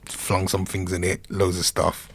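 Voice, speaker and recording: A man's voice: low voice, completely flat delivery, measured pace, creaky, a little hiss or hum. A man co-hosting a podcast, chatting casually and bantering with plenty of laughs. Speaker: podcast co-host. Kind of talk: casual chat.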